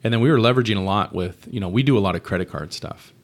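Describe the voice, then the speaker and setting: A man's voice: on the low side, very fast. A man talking as a guest on a podcast, laid-back and slangy, often saying dude and bro. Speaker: guest, real estate investor. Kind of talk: casual podcast conversation.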